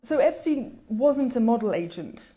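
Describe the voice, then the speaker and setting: A woman's voice: a little high, expressive, a little slow, dark tone, faint music behind. A woman journalist asking pointed, pressing interview questions.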